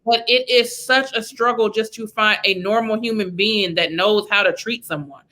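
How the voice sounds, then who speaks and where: A woman's voice: mid-range voice, sharp tone. A woman hosting a podcast, chatting casually and teasing her guest. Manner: teasing, quick reactions, calls people baby. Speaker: podcast host. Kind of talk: casual chat.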